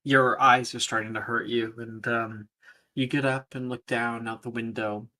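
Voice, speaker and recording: A man narrating a tabletop game as game master, unhurried and pausing often with fillers. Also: mid-range voice, little pitch movement, pushed and bright. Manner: unhurried, with many filler pauses.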